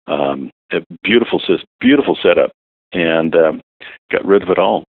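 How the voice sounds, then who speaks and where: A man, a voiceover artist, chatting casually as an interview guest, relaxed and self-deprecating with hesitant fillers. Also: low voice, normal speed, no echo. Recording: dry, tinny phone-like line.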